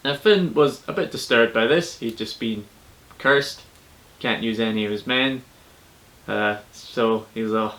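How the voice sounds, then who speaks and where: Relaxed male storyteller. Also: medium pitch, unhurried, low-quality recording. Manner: relaxed and chatty, with colloquial asides. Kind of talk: casual oral storytelling.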